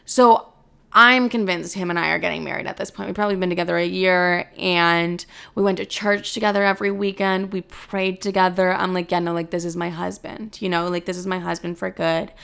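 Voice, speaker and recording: A woman's voice: on the low side, fairly even intonation, a little fast, vocal fry, fairly bright tone, smooth. A young woman in her twenties telling a storytime, dramatic and profane, saying 'like' constantly. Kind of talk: casual storytime monologue.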